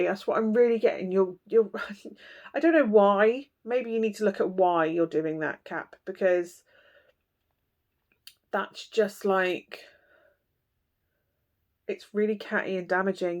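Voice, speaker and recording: A woman giving a casual tarot reading, talking bluntly and chattily with lots of fillers. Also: medium pitch. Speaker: tarot reader.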